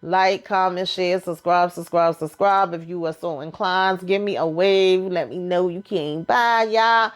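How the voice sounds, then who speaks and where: A woman giving a casual recap of a TV episode, telling it in an animated, gossipy way and calling her viewers honey and child. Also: on the low side, unhurried, hardly any pauses.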